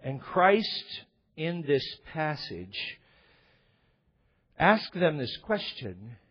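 Pastor, male, husky, slightly high-pitched, emphatic preaching delivery, dull lo-fi recording. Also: very animated, extremely slow. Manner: emphatic preaching, voice rising and falling in bursts. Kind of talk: sermon.

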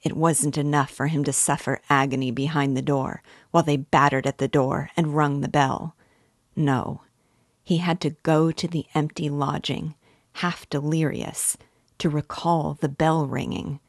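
A shrewd middle-aged magistrate, read by a woman, who leans on every point with calm, slow insistence. The delivery is unhurried and the sound is close and dry. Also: deep voice, dry recording. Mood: probing.

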